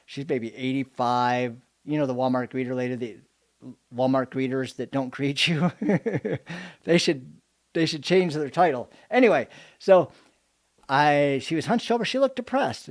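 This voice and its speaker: A man giving a motivational live talk as a business coach, telling animated stories and joking with his audience. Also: fairly high pitch. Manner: animated storytelling, jokes to the audience.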